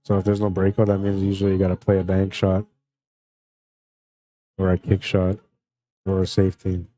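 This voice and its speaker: Here a man from Canada provides play-by-play for a streamed pool match. He speaks at an unhurried pace with a mellow, fairly deep warmth, relaxed and friendly throughout, welcoming viewers from the chat and reading their comments between shots.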